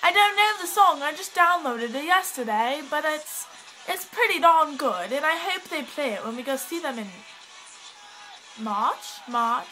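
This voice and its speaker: A woman's voice: high-pitched, animated, a little slow, pushed and bright, low-quality recording. Rambling teen girl in put-on British accent. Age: teens. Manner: rambling, giggly, easily sidetracked. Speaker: vlogger. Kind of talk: rambling casual vlog to a friend. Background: faint pop music.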